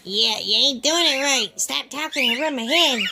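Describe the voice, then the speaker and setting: A woman's voice: high voice, moderate pace, heavy background noise. A woman voicing a bossy female pet cockatiel that impatiently demands a head rub.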